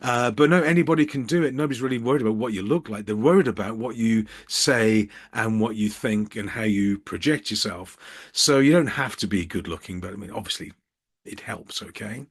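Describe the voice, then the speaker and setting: Speaking a little fast at medium pitch, a middle-aged business coach from Birmingham, England, gives casual tips straight to camera from his office, adding dry, self-mocking jokes. He's filmed at eye level under a ring light.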